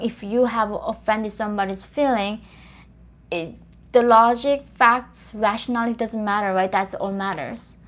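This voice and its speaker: A young woman from North Korea, a native Korean speaker, talking earnestly to an audience in English and often repeating and restarting phrases. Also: mid-range voice. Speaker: host.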